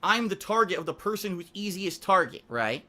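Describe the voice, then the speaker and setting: A man's voice: sits high, big pitch swings, normal speed, pushed and bright. A man giving an emotional, indignant speech to camera as a content creator, repeating himself for emphasis.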